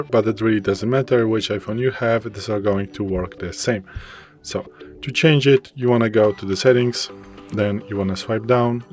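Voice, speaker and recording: A man with a Polish accent talks through a phone tutorial in a plain, unhurried way, pausing and restarting as he goes. His voice sits a little low. Soft music plays faintly behind him. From Poland. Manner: plain, loosely worded explaining with hesitations. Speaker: tech tutorial presenter. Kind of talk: casual screen walkthrough.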